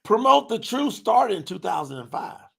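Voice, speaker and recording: A man's voice: high voice, moderate pace, gravelly. A man hosting a religious livestream, reading chat comments aloud and preaching. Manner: animated, preacher-like, shouts at times. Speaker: religious talk host.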